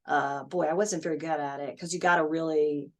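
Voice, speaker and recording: A woman's voice: sits low, a little fast. A woman, chatting as a voice-actress guest in an interview. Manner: chatty, animated storyteller. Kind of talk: casual interview chat.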